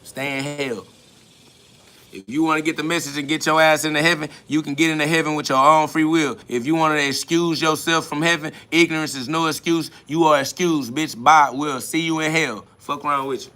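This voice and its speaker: A man's voice: on the high side, steady tone, a little fast, sharp tone. A man hosting a podcast, answering listener comments in a profane, mocking spiritual rant.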